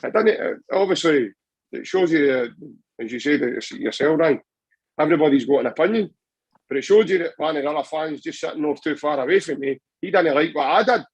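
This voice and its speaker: A man's voice: fairly high pitch, expressive, fairly quick, breathy edge, no echo, rough recording. A Scottish man chatting passionately about football on a podcast, rambling with many restarts. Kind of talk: casual football chat.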